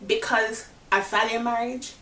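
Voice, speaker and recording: A woman vlogger retelling a personal story to her viewers in a dramatic, expressive way, bringing faith and God into it. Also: fairly high pitch, measured pace. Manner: religious, speaks of faith and God. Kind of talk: storytime vlog, talking to viewers. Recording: roomy echo, distant mic, faint hiss.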